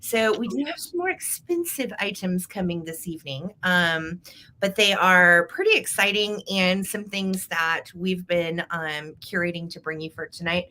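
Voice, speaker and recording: Bright, chatty woman hosting a livestream. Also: on the low side, normal speed. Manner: chatty, upbeat, greets viewers by name. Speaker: host of a live vintage sale. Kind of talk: casual livestream chat.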